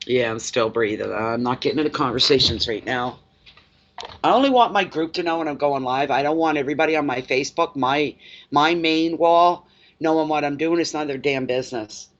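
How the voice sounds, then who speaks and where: A man's voice: on the high side, brisk, a bit bright. A man hosting a tarot-reading livestream, chatting casually with viewers in a rambling way and laughing easily. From eastern Canada. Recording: dull lo-fi livestream audio.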